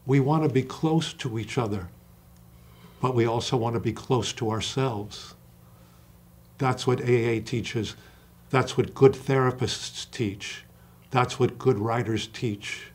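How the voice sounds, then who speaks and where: An older man, an acting coach, talking in an interview with passion and slowing down to stress single words. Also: mid-range voice, slightly rough. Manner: passionate, emphatic storyteller who acts out quoted dialogue. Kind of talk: interview conversation.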